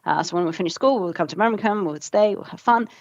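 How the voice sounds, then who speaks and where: A woman's voice: medium pitch, racing, no echo, lo-fi sound. A woman around forty from Greece with a Greek accent, a guest telling her story in casual chat with many ums.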